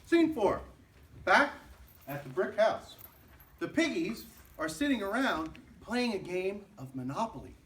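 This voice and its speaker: A woman narrating a school play, reading the stage directions aloud in a slow, lively storytelling way. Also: medium pitch. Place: school auditorium. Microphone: far camera. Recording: echoey hall recorded from far off.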